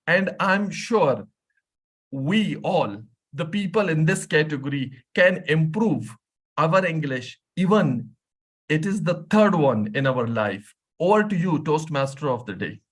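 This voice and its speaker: A man with a Pakistani accent whose first language is Urdu, giving a slow, hesitant, self-deprecating club speech. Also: a little high, animated. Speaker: club speaker. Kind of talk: short speech at a club meeting.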